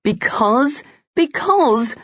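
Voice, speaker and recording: Here is a narrator playing a restless nobleman, pacing and protective, whose questions leap suddenly higher. The voice is gravelly and husky, heard on a dull, lo-fi audiobook recording. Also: expressive, normal speed, no room sound. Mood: exasperated. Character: agitated aristocratic man, brooding and protective.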